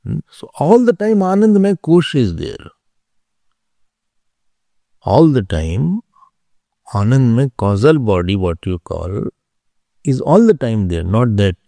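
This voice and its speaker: A man gives a spiritual philosophy lesson, his low, gravelly voice swinging widely in pitch. He explains patiently and repeats his key terms. The sound is close and dry. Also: big pitch swings, slow, pauses often, warm tone, no room sound. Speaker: spiritual teacher. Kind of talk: philosophy class lecture.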